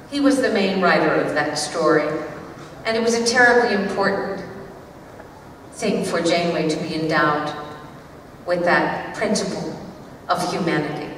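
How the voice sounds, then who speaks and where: A woman in her sixties answering fan questions on a convention panel, with a theatrical, emphatic and measured delivery. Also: mid-range voice, a bit bright. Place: large convention hall with audience. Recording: distant, echoey hall recording with crowd noise.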